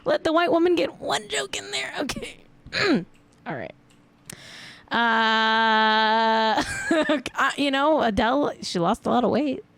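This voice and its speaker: A woman's voice: fairly high pitch, animated, takes it slowly, creaky, a bit bright. Chatty young woman hosting a celeb gossip stream, giggles a lot, jokey. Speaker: host of a celebrity gossip show. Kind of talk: casual live-stream chat.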